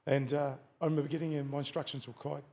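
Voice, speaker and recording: A man's voice: a little high, level tone, quick pace, warm tone. A middle-aged Australian man telling a story as a podcast guest, swearing freely and acting out quotes. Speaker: guest, former fighter. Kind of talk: casual storytelling in a podcast interview.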